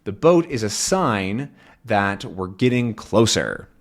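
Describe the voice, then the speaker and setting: A man teaching English to learners, explaining a comic slowly and patiently, repeating and rephrasing, often checking "right?". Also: lowish voice, animated. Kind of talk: slow explanation for language learners.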